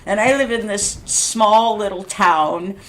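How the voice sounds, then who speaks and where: Loud chatty woman vlogging. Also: mid-range voice, takes it slowly. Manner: loud, chatty, laughs often, rambling. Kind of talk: casual talking vlog.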